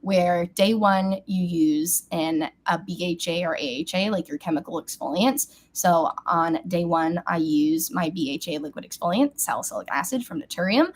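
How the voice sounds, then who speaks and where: A woman's voice: fairly low pitch, normal speed, few pauses, slight background noise. A bubbly young woman chats through her makeup routine into a webcam at home. Her talk is casual and chatty, and she squeals with delight now and then. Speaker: beauty vlogger. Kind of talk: casual get-ready-with-me chat.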